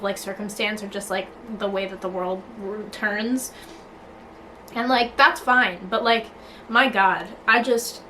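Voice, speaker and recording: A woman's voice: mid-range voice, fairly bright tone, a little hiss or hum, low-quality recording. Blunt young woman ranting to camera. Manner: blunt, swears freely, many filler likes and restarts. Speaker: vlogger. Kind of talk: casual talking-to-camera rant.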